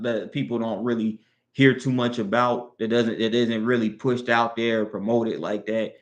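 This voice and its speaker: Southern man hosting a morning stream, slightly low voice, easygoing and rambling. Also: fairly bright tone. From Southern United States. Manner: laid-back, rambling, drawn-out thinking aloud. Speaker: livestream host. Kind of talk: casual live-stream chat.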